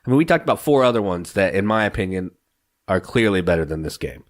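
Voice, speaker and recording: A man with a lowish voice gives his views in a casual podcast chat. He is emphatic and opinionated, pressing his points with conviction. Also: animated, fast talker. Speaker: podcast co-host.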